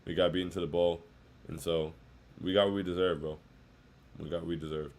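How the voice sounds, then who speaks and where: A man's voice: low voice, level tone, brisk, a little mellow. A man hosting a casual postgame livestream, sounding dejected, saying "bro" a lot and reading chat comments aloud. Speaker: livestream host.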